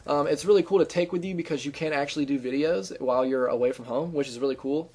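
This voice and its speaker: A man's voice: on the high side, quick pace, a little mellow. A man giving casual gameplay commentary as a gaming video host, chatty and upbeat with lots of ums and restarts. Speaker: gaming YouTuber giving channel tips.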